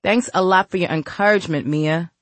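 A woman's voice: lowish voice, a little fast, no room sound, close to an everyday voice. A woman voicing a bitter, tearful grieving young woman. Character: grief-stricken young woman, withdrawn and bitter.

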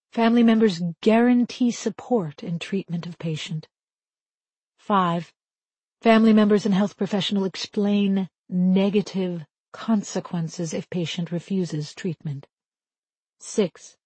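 Woman, low dark voice, formal and measured reading, dry booth sound. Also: breathy edge, no echo. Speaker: audiobook reader. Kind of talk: reading a formal document aloud.

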